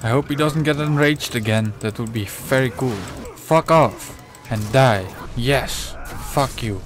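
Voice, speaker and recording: A man's voice: mid-range voice, measured pace, soft background music. A man commentating his own gameplay, exasperated and swearing constantly while muttering to himself. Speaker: let's play gamer.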